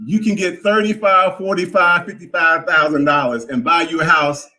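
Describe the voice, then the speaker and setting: A man in his fifties calls into a live stream over the phone, speaking with earnest feeling. His voice is bright and a little high for a man, and he stumbles and repeats words as he talks. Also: steady tone, normal speed, rough recording. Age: 50s. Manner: earnest, repeats himself, stammers. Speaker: caller. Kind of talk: emotional live-stream call.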